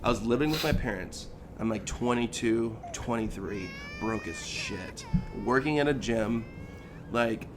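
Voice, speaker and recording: A man in his thirties co-hosts a podcast and tells a personal story in loose, casual chat, acting out the lines he quotes. His voice is mid-pitched and swings up and down as he gets into the story. A faint hiss sits under it. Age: 30s. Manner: animated, acts out quoted lines, says "dude" and "like" a lot. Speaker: podcast co-host.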